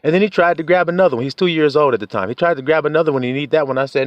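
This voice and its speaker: A man's voice: a little high, rapid-fire, dry recording, highs cut off. A young man, giving life advice in a casual, preachy monologue, laughing often, swearing, and acting out quotes.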